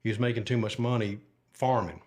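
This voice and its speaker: A man's voice: on the low side, steady tone, fairly quick, a little mellow. An older man, a retired deputy telling stories from his life in a casual, folksy, rambling way. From Alabama. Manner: folksy, rambling, with many fillers and asides. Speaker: podcast guest, retired sheriff's deputy. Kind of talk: casual storytelling interview.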